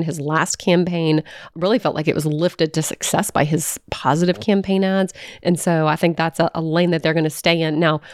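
A woman political columnist co-hosting a radio talk show, speaking in a somewhat low voice. She talks in a measured, thoughtful way, and the sound is close and dry. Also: darkish tone, dry recording.

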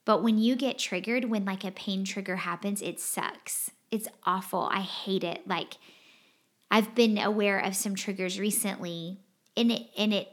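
A woman's voice: mid-range voice, fairly bright tone. A woman co-hosting a podcast in casual, heartfelt conversation, earnest and emphatic, often repeating her key phrases. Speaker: podcast co-host.

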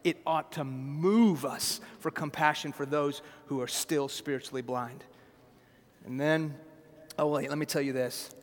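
A man's voice: on the high side, a little slow, in a large hall. A man preaching a sermon in a conversational way, often checking in with the listeners. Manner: conversational preaching with asides like "right?" and "okay?".

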